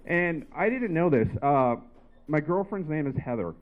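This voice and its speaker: A man doing stand-up comedy, his slightly high voice coming through a narrow, phone-like recording. He rambles through a story with lots of "like" and "uh". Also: expressive, normal speed. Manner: rambling, filler-heavy storytelling. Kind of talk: stand-up set. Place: comedy bar stage. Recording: tinny phone-like live recording.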